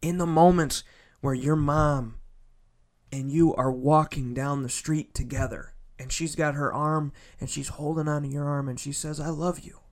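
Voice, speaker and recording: A man giving a heartfelt motivational monologue. He repeats phrases for emphasis and swings between loud, pushing lines and soft, near-whispered ones. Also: a little high, steady tone, unhurried.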